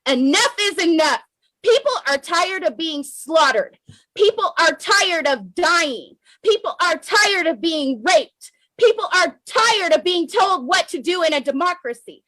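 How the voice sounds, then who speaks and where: An American woman with a very high voice delivers an emotional political monologue straight to her audience. She is fiery and insistent, repeating lines to drive them home. The recording is dry and close, with no room echo. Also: bright, forceful tone. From United States. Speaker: political commentator. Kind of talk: impassioned political monologue to camera.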